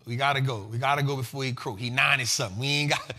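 A man hosting a casual finance show, talking in a loose, slangy, animated way and laughing often. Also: mid-range voice, very fast.

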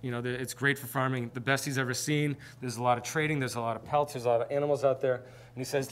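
A man's voice: mid-range voice, fairly even intonation, quick pace, smooth. A man presenting a seminar, telling history in an informal, conversational way. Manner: conversational storytelling. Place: presentation with slides.

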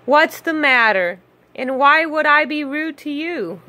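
A gentle little storybook creature, soft-spoken and reassuring, with a bright, raised tone as a woman reads it. It speaks slowly. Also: high-pitched, animated, pitched above the performer's own voice, exaggerated voice.

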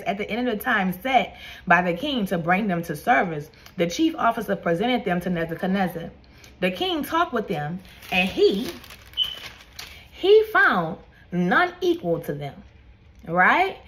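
A woman's voice: medium pitch, a bit bright. Fervent woman preaching a prophetic word. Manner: fervent, repeats "come on now" and "baby". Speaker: online prophetic minister.

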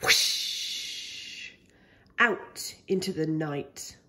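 A woman reads a children's picture book aloud for little ones. Her voice sits fairly high and swoops around with animated, expressive storytelling. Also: unhurried. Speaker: pre-school story reader.

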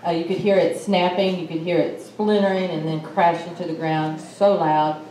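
A woman's voice: lowish voice, moderate pace. Woman telling a story in an echoey room. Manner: animated, acts out quotes. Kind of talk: casual storytelling. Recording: echoey room, mic at a distance, faint noise.

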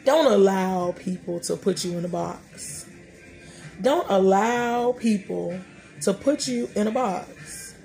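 Gravelly-voiced woman telling stories. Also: medium pitch, takes it slowly, warm tone, faint music behind. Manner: colloquial, storytelling, joking. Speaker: podcast host. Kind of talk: casual faith talk.

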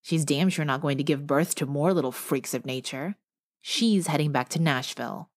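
A woman's voice: deep voice, moderate pace. A woman voicing a furious, bigoted young man who sneers insults, in an audiobook. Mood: hostile.

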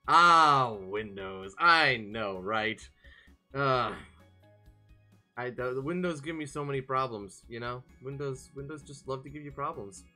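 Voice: mid-range voice, a little slow, sharp tone, faint music behind. A variety game streamer chatting live, bubbly and playful, greeting viewers by name.

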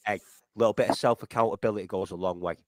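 A man's voice: on the low side, steady tone, very fast, no room sound, studio quality. A man firmly lecturing a friend on a livestream, preachy and sweary.

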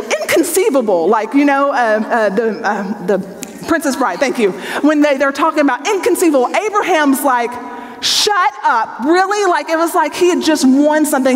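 A woman with a fairly high voice teaches a Bible study, reading scripture and then breaking it down in a lively, joking tone. Her voice carries a long reverb that rings through a large hall. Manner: reads scripture aloud, then explains in a chatty, joking way.

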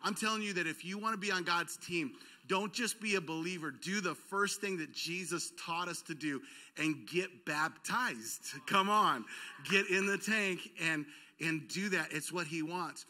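A man pastor telling a funny self-deprecating story in a sermon, acting out the voices around him with shouts and mock crying. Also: high voice, unhurried. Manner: self-deprecating, animated, acts out quoted voices with cries and shouts. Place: church auditorium.

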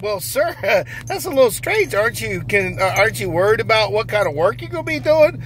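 A man's voice: high-pitched, very animated, brisk, few pauses, a bit bright, a little hiss or hum, low-quality recording. A man hosting a comedic mock interview, laughing often in a folksy, plain-spoken way. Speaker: comedy host posing as an interviewer.

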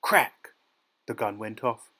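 A man narrating a dark short story as an audiobook, in a measured, dramatic storytelling manner. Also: fairly low pitch, fairly even intonation, poor audio. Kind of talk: scripted narration.

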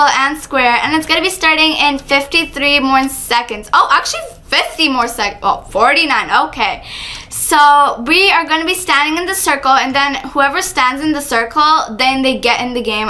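Woman, high-pitched, bright tone, excitable gameplay commentary, chatty. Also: normal speed. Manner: excitable, chatty, frequent exclamations. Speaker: gaming channel host.

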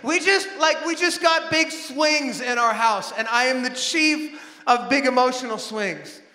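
A man in his thirties preaching a sermon in a church, animated, acting out family scenes with bursts of shouting. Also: very high voice, measured pace. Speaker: pastor. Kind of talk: sermon with storytelling. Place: large church auditorium. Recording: echoey hall with long reverb.

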